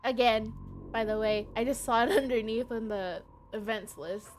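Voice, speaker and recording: A woman's voice: on the high side, normal speed, a little hiss or hum. A woman streaming a game live, chatting casually and reading game text aloud.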